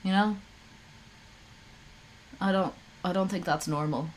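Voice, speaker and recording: A woman's voice: lowish voice, takes it slowly, a little hiss or hum. Profane, rambling woman streamer. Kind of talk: casual live-stream commentary.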